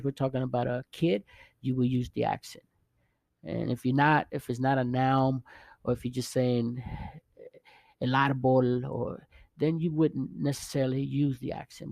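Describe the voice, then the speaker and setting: Gravelly, halting man teaching Spanish. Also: mid-range voice, dark tone, no room sound. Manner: halting, restarts often, checks in with "okay?" and "right?". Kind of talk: casual video lesson.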